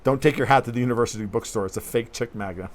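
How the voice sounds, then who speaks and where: A man hosting a casual political livestream, talking bluntly and profanely in a rambling way and reading viewer comments aloud. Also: mid-range voice. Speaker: livestream host.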